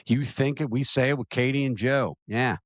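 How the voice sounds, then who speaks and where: A man's voice: medium pitch, normal speed, no room sound. A man hosting his own podcast, ranting emphatically and answering listener questions, often repeating himself to drive a point home. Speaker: podcast host. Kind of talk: opinion rant and listener Q&A.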